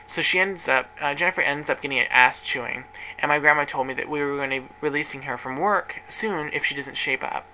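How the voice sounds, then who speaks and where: Young man, casual storytelling, emotional, rambling, bright tone. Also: fairly high pitch, brisk, slight background noise, poor audio. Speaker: vlogger.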